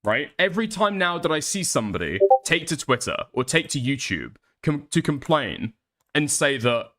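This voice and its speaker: A man's voice: on the high side, sing-song, moderate pace, a bit bright. A British man streaming live, reacting to a video and reading chat with sweary, sarcastic, mock-indignant commentary.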